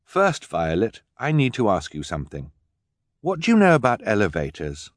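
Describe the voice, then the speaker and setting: A man's voice: on the low side, wildly swooping pitch, moderate pace, no room sound, studio quality. A man voicing an earnest, bookish teenage boy in an audiobook, polite and precise.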